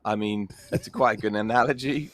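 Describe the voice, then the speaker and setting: A man's voice: on the low side, brisk, no echo. A man speaking as a panelist in a casual online Q&A on a video call, wry and chatty.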